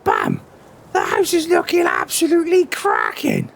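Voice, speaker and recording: A man voicing a cheerful, chatty male farmer neighbour in a game roleplay, with a raspy, wobbly voice full of admiring "oh"s. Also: extremely high pitch, wildly swooping pitch, a little slow, a little hiss or hum, voice pushed up, exaggerated voice. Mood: friendly. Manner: friendly, impressed, lots of "oh"s.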